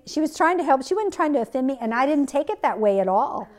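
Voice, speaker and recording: A woman's voice: high voice, big pitch swings, quick pace, few pauses. A woman giving a personal, conversational devotional teaching as a podcast Bible teacher, with many fillers and restarts.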